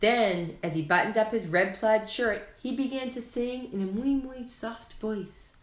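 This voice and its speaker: A woman reading a children's picture book aloud, slow and expressive, with lively character voices. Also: fairly high pitch. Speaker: children's story reader. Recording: echoey room.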